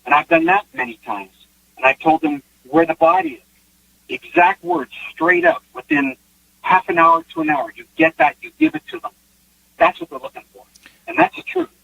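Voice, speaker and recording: A man's voice: very high-pitched, normal speed, creaky, no echo. A man, a guest psychic, telling a long case story in casual interview talk, acting out the lines he quotes. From Canada. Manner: animated, acts out quotes, restarts. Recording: dull lo-fi online call audio.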